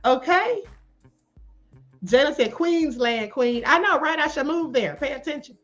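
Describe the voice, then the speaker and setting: Sassy high-voiced woman livestream host. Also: measured pace, highs cut off, faint music behind. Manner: sassy, animated, calls viewers beloved and honey. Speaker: live stream host. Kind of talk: live commentary reading chat.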